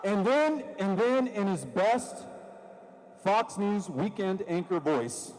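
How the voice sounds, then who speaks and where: Speaking slowly and a bit mellow yet animated, a man with a fairly high voice gives a political rally speech through a stage mic. Sarcasm gives way to swelling, passionate emphasis as his voice trails into a big hall's long reverb, with slight background noise.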